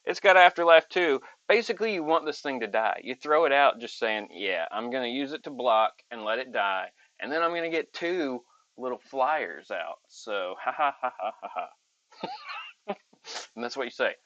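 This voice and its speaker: A man's voice: mid-range voice, moderate pace, dry recording. Chatty man opening card packs. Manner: chatty, reads card text aloud with excited asides. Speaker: channel host. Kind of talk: casual card-opening commentary. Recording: dull lo-fi audio.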